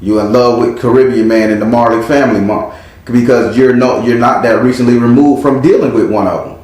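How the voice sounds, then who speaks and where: Brisk and darkish in tone, a mid-range male voice belongs to a tarot reader doing an offhand past-life reading. Profane and straightforward, he paints the story with sound effects while his voice bounces around a very echoey room.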